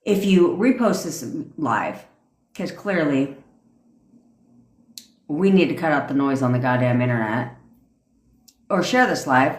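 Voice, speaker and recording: Low-voiced, profane, ranting woman. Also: animated, normal speed, pauses often, echoey room. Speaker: manifestation coach. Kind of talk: TikTok live rant. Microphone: phone.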